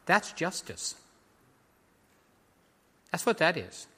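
A man preaching a sermon in a high, bright voice. He talks earnestly and with emphasis, leaning on repeated phrases as he addresses his congregation. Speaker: pastor.

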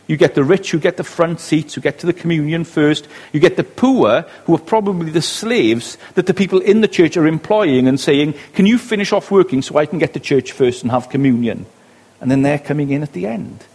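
A Welsh man in middle age delivers a sermon in a chatty, questioning way. His voice sits a little high for a man and swings widely in pitch. There is a slight husk to it. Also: darkish tone, breathy edge. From West Wales. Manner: conversational, asks the listeners rhetorical questions. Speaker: preacher.

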